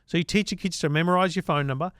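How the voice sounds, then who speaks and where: A chatty Australian man co-hosts a tech podcast, his voice sitting high for a man. He rattles through lists of points in a casual, easy way. The sound is dry and close to the mic. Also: rapid-fire, fairly bright tone, clear, resonant tone, no echo. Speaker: podcast co-host. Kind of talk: casual tech chat and read ad.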